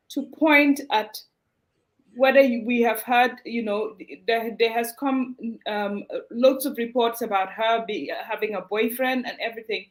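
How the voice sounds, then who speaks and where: A woman hosting a discussion, asking questions in a measured way. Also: on the high side, rough recording. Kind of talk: talk show discussion.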